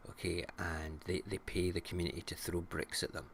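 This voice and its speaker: A man's voice: low voice, level tone, brisk, creaky, fairly bright tone, a little hiss or hum. A middle-aged Scottish man hosting a casual morning show, irreverent and jokey, ranting with swearing. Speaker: radio show host.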